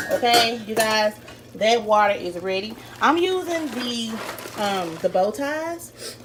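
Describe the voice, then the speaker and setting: A young woman, chatting through a home cooking tutorial and calling the viewers y'all. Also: mid-range voice. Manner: chatty, addresses viewers as y'all and you guys. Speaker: cooking vlogger. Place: home kitchen. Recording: slightly distant camera mic, faint room noise.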